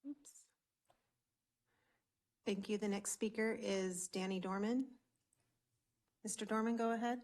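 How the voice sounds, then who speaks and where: A woman at a council meeting briskly calling the next public speakers. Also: medium pitch, fairly even intonation, darkish tone. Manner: brisk, procedural. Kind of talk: formal meeting procedure.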